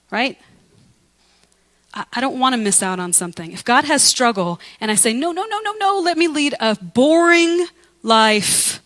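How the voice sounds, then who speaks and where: A woman pastor preaching a lively, conversational sermon, acting out biblical figures with humor. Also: medium pitch, low-quality recording.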